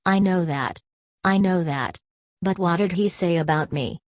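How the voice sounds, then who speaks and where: Vain, eager male colonel, insistent; a woman reads him plainly, low and dry. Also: a little slow, no room sound, lightly acted. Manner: excited, insistent questioning.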